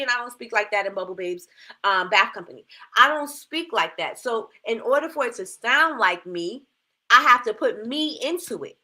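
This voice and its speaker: A woman's voice: on the high side, sharp tone. A woman hosting a casual livestream, coaching her audience in a chatty way with lots of rhetorical questions and repeated phrases, her mouth dry from a new retainer. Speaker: livestream host.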